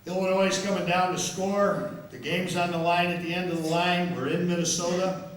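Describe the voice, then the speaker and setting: This older guest speaker, a football official, delivers an after-dinner speech full of stories he finds funny himself, with many repeated words. He has a high voice, level tone and moderate pace; the large members' dining room echoes, he sounds far away, and there's a little hiss or hum.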